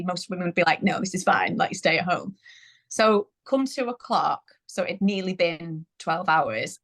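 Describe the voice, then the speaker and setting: A woman in her thirties, guest on a parenting interview, chatting casually and laughing often as she retells events. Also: lowish voice. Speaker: guest sharing birth story. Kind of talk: casual conversational storytelling.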